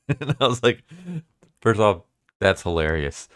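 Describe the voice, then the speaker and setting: A man's voice: fairly low pitch, animated, slow, long pauses, clean tone, no room sound, studio quality. A man casually recapping a manga chapter in a laid-back, chatty way, leaning on "like" and "basically.". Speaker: manga reviewer.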